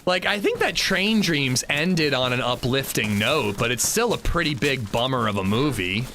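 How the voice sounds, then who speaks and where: A man's voice: medium pitch, expressive, normal speed, sharp tone, slight background noise. A man with a sore throat, giving rambling, casual commentary on his gameplay with lots of fillers. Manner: rambling, loose, full of fillers. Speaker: gaming livestreamer.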